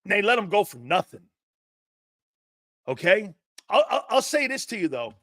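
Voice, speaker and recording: A man's voice: high voice, big pitch swings, moderate pace, a bit bright, no echo, studio quality. A man hosting a sports talk show, giving brash, mocking opinions and laughing often.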